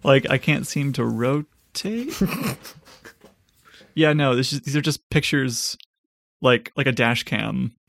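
A man co-hosting a casual chat, joking and sarcastic with quick quips. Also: medium pitch, lively intonation, vocal fry, a bit bright, no echo. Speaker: podcast co-host.

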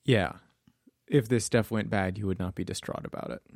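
A man's voice: lowish voice, normal speed, gravelly, darkish tone, dry recording, studio quality. A man co-hosting a podcast who asks wry, prompting questions in casual chat. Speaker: podcast co-host.

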